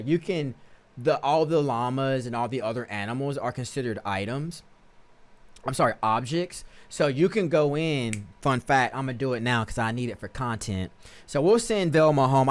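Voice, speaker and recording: A man talks through a life-sim game on a live stream in an easygoing, slangy way. He trips over words and fixes them as he goes, and his voice sits at an ordinary, mid-range pitch. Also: animated, moderate pace. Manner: laid-back, slangy, corrects himself often. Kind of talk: casual gameplay commentary.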